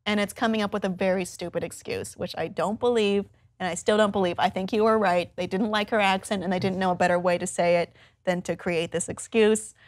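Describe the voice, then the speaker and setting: A woman co-hosting a casual pop-culture discussion, animated and opinionated, laughing often. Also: medium pitch, fairly quick, hardly any pauses, no echo. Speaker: co-host.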